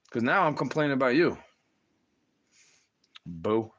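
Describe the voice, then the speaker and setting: A man's voice: medium pitch, very animated, moderate pace, fairly bright tone. A young man ranting on a livestream, profane and agitated, talking straight at the listener.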